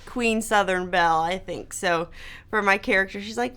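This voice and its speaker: A woman's voice: mid-range voice, moderate pace, a bit bright, smooth. A woman from Georgia being interviewed, chatting in a bubbly way with lots of fillers. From Georgia, United States. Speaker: actress guest. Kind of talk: casual interview.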